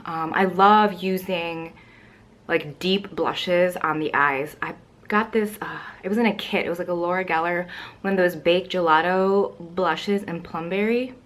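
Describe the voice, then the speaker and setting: A woman's voice: lowish voice, a little slow, a bit bright. A young woman chatting casually to camera at home about makeup, rambling with lots of fillers and a little out of breath. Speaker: beauty vlogger.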